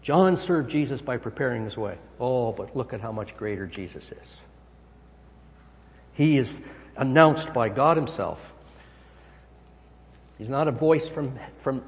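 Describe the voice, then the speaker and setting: A man preaching a sermon as pastor, emphatic, swinging his pitch and volume. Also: lively intonation, measured pace. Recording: long hall reverb.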